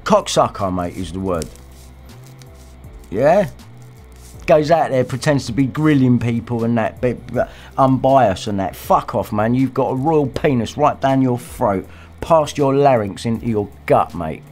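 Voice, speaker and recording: Angry, profane man, animated livestream host mid-rant. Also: mid-range voice, a little slow, faint music behind. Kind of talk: casual rant.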